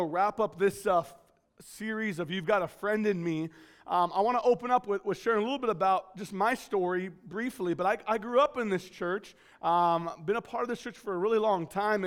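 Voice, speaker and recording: A man with a notably high voice delivers a relaxed church sermon. He talks like he's chatting with friends, loose and self-deprecating, scattering fillers through his stories. He's from California and sounds to be in his thirties. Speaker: guest preacher at his home church. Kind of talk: casual storytelling sermon.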